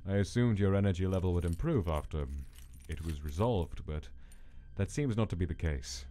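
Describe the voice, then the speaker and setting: A man voicing a calm, clinical figure in a comic fan dub, talking in a measured, formal way. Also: deep voice, lightly acted. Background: background music.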